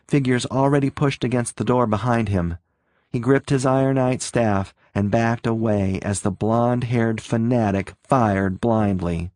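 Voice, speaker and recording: A man reads a story aloud in a steady, measured narration. His voice sits in a middle range, recorded close and dry. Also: medium pitch, no room sound. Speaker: audiobook narrator. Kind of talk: scripted narration.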